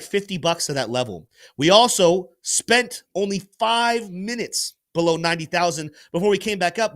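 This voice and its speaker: A man hosting a livestream crypto show, giving market commentary and urging viewers to like and join. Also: on the high side. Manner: animated, salesy, pushes viewers to like and join.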